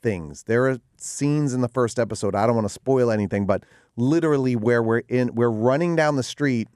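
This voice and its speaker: A man's voice: mid-range voice, moderate pace, a little mellow, smooth, no echo. A man from Boston, an actor and producer, talking eagerly in a studio interview, often restarting his sentences. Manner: eager, rambling with frequent restarts. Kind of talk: talk show interview.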